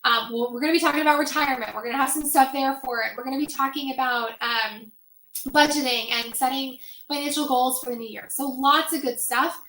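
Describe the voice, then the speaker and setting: Chatty bright-voiced woman hosting a money workshop. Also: high voice, steady tone, a little fast, echoey room. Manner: chatty, many fillers. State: voice getting tired. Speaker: financial workshop host. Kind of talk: casual online workshop talk.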